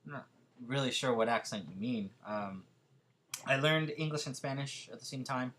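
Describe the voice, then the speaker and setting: A man's voice: mid-range voice, moderate pace, a bit bright. A young man with a Californian accent, chatting casually as a vlogger answering viewer questions, hesitant and full of fillers. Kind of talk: casual chat.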